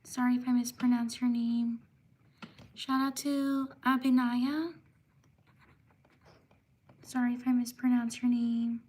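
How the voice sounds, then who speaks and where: A woman hosting a live stream, reading out viewer names one by one with quick apologies for mispronouncing them. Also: fairly high pitch, level tone, warm tone. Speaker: livestream host.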